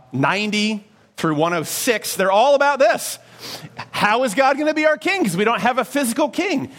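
Animated high-pitched preaching man. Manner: animated, conversational preaching with rhetorical questions. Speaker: pastor. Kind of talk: sermon.

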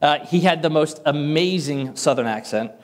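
Man, preacher, sermon, fairly high voice, casual and self-deprecating. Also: animated, normal speed. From Northern US. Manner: conversational, self-deprecating humor.

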